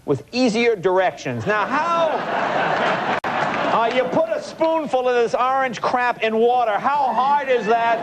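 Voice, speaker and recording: Lively comic host, roaring audience. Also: male voice, extremely high pitch, unhurried, long pauses, a loud crowd, very noisy. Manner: wry, mock-incredulous asides. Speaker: late-night talk show host. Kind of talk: comic monologue reading clippings. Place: television studio with live audience. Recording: loud studio audience laughter.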